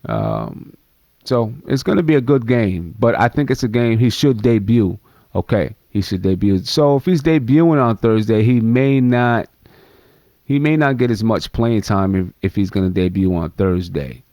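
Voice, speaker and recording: A man's voice: on the low side, lively intonation, moderate pace, a little mellow, dry recording. A man hosting a live postgame basketball stream, chatting straight to his viewers. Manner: chatty, addresses viewers directly. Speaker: fan livestream host.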